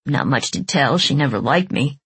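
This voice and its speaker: A woman's voice: very deep voice, sing-song, moderate pace, a bit bright, breathy edge, no echo, exaggerated voice. A woman voicing a defensive, evasive man questioned as a suspect in an audiobook, giving short clipped denials.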